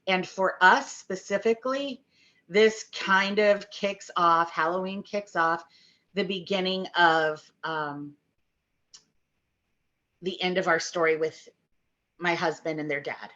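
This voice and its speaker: A middle-aged woman speaking candidly and haltingly about grief, with many fillers, in a personal talk to camera. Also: on the low side, steady tone, fairly bright tone, highs cut off. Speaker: grief vlogger.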